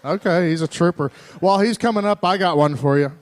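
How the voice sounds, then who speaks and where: High-voiced man teasing a crowd. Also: brisk. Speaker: assembly emcee. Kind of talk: joking crowd banter.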